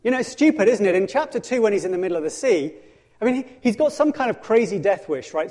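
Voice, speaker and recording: A man preaching with animated storytelling, his voice sitting slightly high. He acts out scripture, stumbles and restarts often, and shifts between soft asides and loud bursts. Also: fast. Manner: frequent restarts and self-corrections. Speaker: pastor. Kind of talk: sermon.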